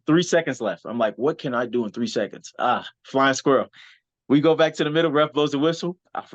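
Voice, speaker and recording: A man telling an animated, rambling story as a guest, full of fillers and quick restarts. His voice sits at a middle pitch. The recording is a little dull and lo-fi. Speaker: wrestler and soldier, podcast guest. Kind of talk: casual interview storytelling. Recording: slightly dull, lo-fi audio.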